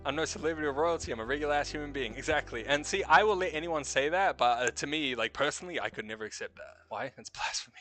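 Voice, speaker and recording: Young man, New Zealand accent, higher voice, casual stream talk, swears a lot, laughs often, faint background music. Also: fast talker, few pauses, pushed and bright. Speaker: stream host. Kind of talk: casual late-night chat.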